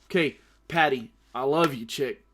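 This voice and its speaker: Hosting his own easygoing talk show alone, this podcaster is brash and swears freely, often breaking into laughter mid-story. His mid-range voice is a bit bright and moves at a moderate pace.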